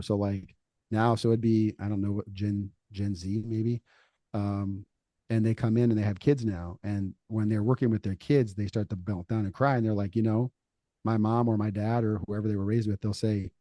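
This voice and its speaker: A middle-aged man talks casually about faith, telling stories and acting out the people he quotes. His voice sits low and mellow, and the recording is dry and close with no room sound. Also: dry recording. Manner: animated storytelling, acts out quoted voices. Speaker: podcast co-host.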